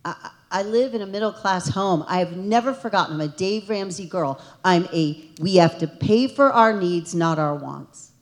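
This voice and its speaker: A woman with a slightly low voice speaks at a township town hall as a state representative. She is earnest and emotional and keeps pressing toward forceful, emphatic peaks. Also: animated, normal speed, few pauses.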